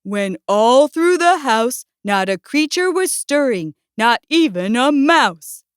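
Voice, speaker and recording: A woman voicing a stern, pompous male bear in a read-aloud storybook, speaking slowly and grandly. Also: high-pitched, big pitch swings, clear, resonant tone, no room sound, studio quality, heavily acted. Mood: declaiming. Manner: slow, grand, declaiming.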